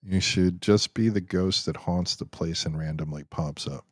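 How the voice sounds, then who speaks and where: A low-voiced man talks at a normal speed in a recording with no room sound. He's hosting a live Q&A stream, casually reading viewer comments aloud and joking, rambling along with many restarts.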